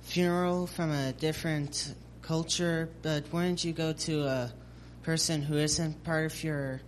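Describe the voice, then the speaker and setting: A woman asks a follow-up question in a very low, unhurried voice. She is tentative and searches for her words. A faint noise sits in the background. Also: fairly even intonation. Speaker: parishioner asking a question.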